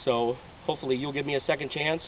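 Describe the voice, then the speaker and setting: A man's voice: mid-range voice, steady tone, fast. Man, late 30s, heartfelt applicant, distant muffled camcorder sound with faint hiss. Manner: emotional, heartfelt. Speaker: reality show applicant. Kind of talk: earnest personal appeal. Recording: distant, dull home video audio.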